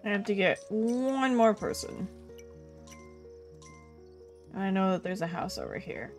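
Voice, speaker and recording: A woman streaming a game live, chatting casually with her viewers and reacting out loud to the game. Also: medium pitch, lively intonation, normal speed, soft background music. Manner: chatty, reads chat, bursts into loud frustrated yelps.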